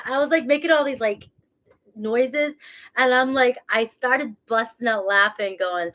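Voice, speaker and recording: A woman's voice: a little high, normal speed, fairly bright tone. A woman with a cold, a tarot reader who gives a casual, rambling reading and laughs at herself as she talks. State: has a cold.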